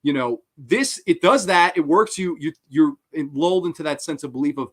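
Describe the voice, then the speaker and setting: A man hosting a horror film review show, talking casually in an excitable, profane way. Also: a little high, normal speed, hardly any pauses.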